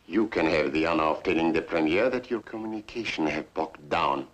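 A man's voice: very deep voice, a little fast, rough recording. A man playing a ruthless Soviet general in a 1950s film, speaking coldly and in clipped phrases. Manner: cold, clipped.

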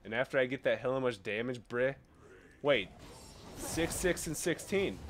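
A young man commentating his own gameplay, boastful and profane, swinging between low mutters and loud triumphant yelling. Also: sing-song, takes it slowly, pauses often. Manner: profane, boastful, self-mocking. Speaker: gaming streamer.

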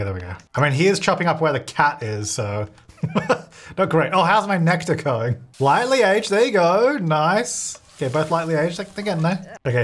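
A man's voice: a little high, fairly bright tone. A young man giving casual commentary while playing a life-sim game, chatty and reacting aloud with frequent laughs.

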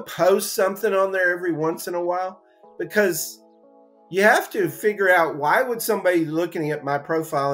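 A man being interviewed as an engineering recruiter, a folksy, encouraging talker who acts out voices in his stories and says "you know" a lot. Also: on the high side. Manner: animated storyteller, acts out voices in anecdotes. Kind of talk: casual conversational interview.

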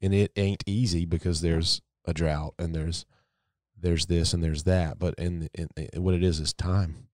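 A man's voice: sits low, fairly even intonation, a little slow, a little mellow, no room sound, clean studio sound. A man in his thirties, a podcast host, chatting in a reflective way and searching for his words. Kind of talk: casual chat.

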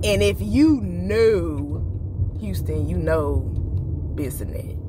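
A woman vlogging in a candid, profane, chatty way while driving, filmed on a phone. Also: deep voice. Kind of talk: casual talk-to-camera vlog. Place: inside a car while driving. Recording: loud car noise.

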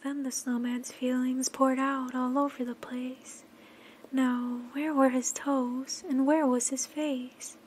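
A woman narrates and sings a children's story gently, her soft, sing-song voice often dropping to a whisper. She speaks in a high pitch with a flat delivery and takes her time.

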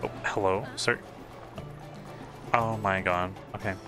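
A young man streaming a game, reacting out loud, excitable and swearing a lot as he talks to the screen. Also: sits low, slow pace, over music. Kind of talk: casual reaction commentary. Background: game soundtrack and game dialogue.

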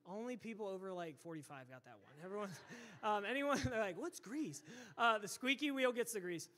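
High, bright-voiced preaching pastor. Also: male voice, a little fast. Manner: energetic, emphatic preaching with rhetorical questions. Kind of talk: sermon. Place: church sanctuary.

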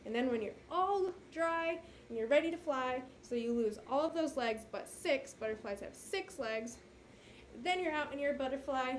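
A woman teaching young children at home, walking them through a movement game and a science activity in a gentle, encouraging way that sometimes loses its place. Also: sits high, expressive, moderate pace, slight background noise. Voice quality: gentle, encouraging, occasionally losing her place. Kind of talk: children's lesson, talking to camera. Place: home with a carpet.

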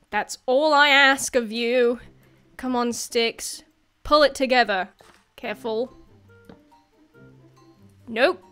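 A woman's voice: high voice, bright, forceful tone. A woman giving casual commentary over her own gameplay, chatty and self-deprecating, often laughing and yelping at scares. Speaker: gaming video creator.

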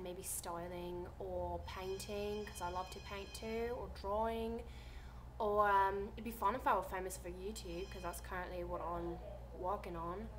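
A seventeen-year-old American girl chatting casually on her vlog, rambling softly and trailing off. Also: medium pitch, slight background noise. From United States. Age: teens. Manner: soft, rambling, trailing off quietly. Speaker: vlogger.

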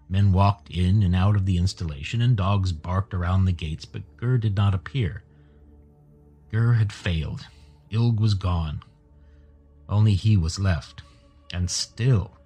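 A man narrating an audiobook in a steady storytelling manner. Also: sits low, a little slow, husky, soft background music.

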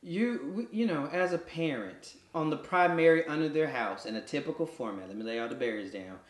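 A man's voice: fairly high pitch, animated, a little fast. Laid-back guy cohosting a parenting podcast, thoughtful, a bit jokey, echoey room. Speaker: podcast co-host. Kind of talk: casual parenting chat.

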